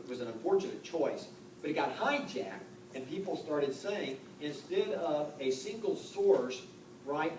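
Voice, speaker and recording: A man in his fifties with a higher, darkish voice gives a live seminar as a real estate coach, chatting and joking with his audience and tossing out rhetorical questions. The recording is echoey, with a distant mic and noticeable background noise.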